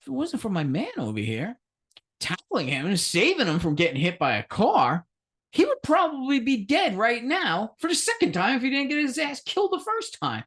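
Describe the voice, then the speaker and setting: A man's voice: extremely high pitch, wildly swooping pitch, normal speed, fairly bright tone. A man co-hosting a podcast, telling a long anecdote in casual chat. He swears a lot, laughs often and acts out the voices of the people in his story. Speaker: podcast co-host.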